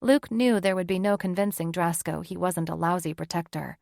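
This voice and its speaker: A woman narrating a fantasy romance audiobook in an even, measured way. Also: on the low side, creaky, no room sound, clean studio sound. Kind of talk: scripted narration.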